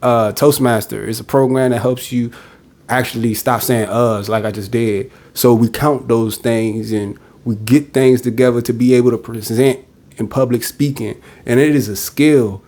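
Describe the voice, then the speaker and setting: A man's voice: mid-range voice, fairly even intonation, moderate pace, darkish tone. Blunt, direct man venting on a podcast. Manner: blunt and direct, acts out quoted voices. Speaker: podcast host. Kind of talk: casual monologue.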